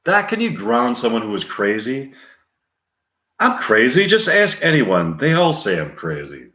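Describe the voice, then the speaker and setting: A man's voice: mid-range voice, wildly swooping pitch, a little slow, pushed and bright, heavily acted. A man voicing a jittery soldier who insists he is crazy. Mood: pleading. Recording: roomy echo.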